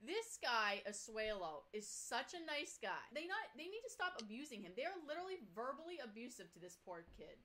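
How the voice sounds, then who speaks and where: High-voiced woman ranting bluntly. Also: big pitch swings, fairly quick, hardly any pauses, pushed and bright, slight background noise. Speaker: podcast co-host. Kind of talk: casual reality TV recap chat.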